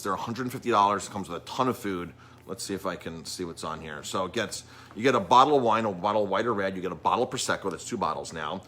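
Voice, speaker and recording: A man's voice: fairly low pitch, pushed and bright, slight background noise. A middle-aged man, a chef and restaurant owner talking casually on a live stream, rambling with lots of ums and restarts.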